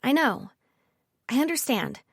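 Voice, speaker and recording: A woman's voice: high voice, sing-song, measured pace, gravelly, breathy edge, dry recording, studio quality, voice pushed up, heavily acted. A woman voicing an anxious teenage heroine. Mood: earnest.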